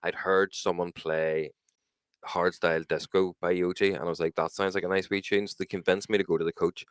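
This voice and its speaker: A man's voice: low voice, flat delivery, brisk, clean tone, dry recording, clean studio sound. A young man with a Northern Irish accent, co-hosting a podcast, joking and swearing through his stories. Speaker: co-host. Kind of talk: casual podcast banter.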